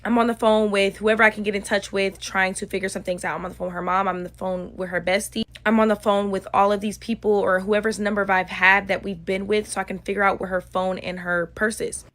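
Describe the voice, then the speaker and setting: A woman's voice: mid-range voice, little pitch movement, fast, few pauses, fairly bright tone. A young woman telling a story in a casual, chatty, slangy way, quoting people as she goes. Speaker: storytime vlogger.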